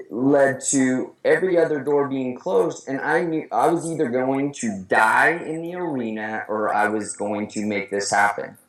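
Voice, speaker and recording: A man talking earnestly as an interview guest, often restarting his sentences. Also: mid-range voice. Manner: earnest, halting with many restarts. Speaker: guest speaker. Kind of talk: casual interview talk. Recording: roomy echo.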